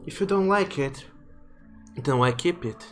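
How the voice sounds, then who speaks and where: A man's voice: a little high, animated, measured pace, soft background music. A man voicing a confident female sea captain who teases and challenges a younger companion. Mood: challenging.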